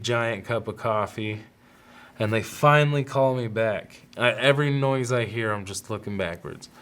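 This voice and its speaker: A man's voice: fairly low pitch, clear, resonant tone. A man in his thirties, hosting a podcast, who tells a personal story in a loose, rambling way, with restarts and quoted dialogue. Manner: rambling, self-interrupting, with laughs and quoted voices. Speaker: podcast host. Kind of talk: casual storytelling monologue.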